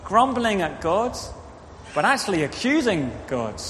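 Male preacher, high lively voice, children's talk, reverberant church. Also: unhurried, slight background noise. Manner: animated, directs children, acts out quotes. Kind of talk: interactive children's sermon. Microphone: microphone. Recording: reverberant hall, faint ambience.

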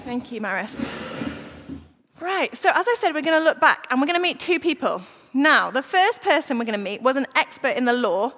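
A woman giving an all-age talk in church, lively and coaxing the children to join in. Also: sits high, fairly quick. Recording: church hall reverb.

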